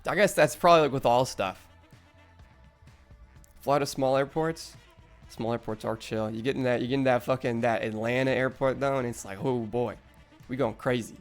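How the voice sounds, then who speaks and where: A man's voice: medium pitch, normal speed, long pauses, soft background music. A young man streaming live, rambling in casual, profane chat with lots of restarts.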